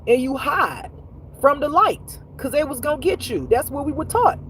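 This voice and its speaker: A woman's voice: high-pitched, normal speed, slight background noise, rough recording. A woman who teaches intuitive spirituality, telling stories to her viewers in a casual livestream with lots of cursing and laughter. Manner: animated, profane storytelling with frequent laughs; talks straight to viewers, reads comments aloud.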